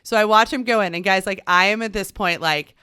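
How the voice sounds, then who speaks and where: A woman in her thirties co-hosting a parenting podcast, telling personal stories in an animated way and acting out the dialogue. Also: mid-range voice, brisk, clear, resonant tone, dry recording, studio quality. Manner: animated storyteller, acts out dialogue. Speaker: podcast co-host. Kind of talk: casual chat, personal storytelling.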